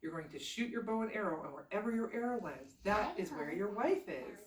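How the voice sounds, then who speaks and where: A man's voice: sits high, big pitch swings, a little fast, roomy sound, distant mic, crowd noise, low-quality recording. A woman doing an offhand, bossy king. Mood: commanding. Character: bored, bossy old fairy-tale king.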